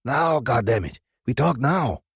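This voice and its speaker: A man voicing a hotheaded young male biker prospect who talks loudly and defiantly, with a growly edge. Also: mid-range voice, fairly quick, breathy edge, no echo, clean studio sound, voice pushed up, natural voice. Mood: demanding.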